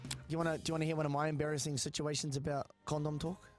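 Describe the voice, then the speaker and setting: A young man with a New Zealand accent, co-hosting a podcast and telling stories in a crude, slangy, animated way. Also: a little high, racing, over music. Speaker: podcast co-host. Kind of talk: casual podcast chat.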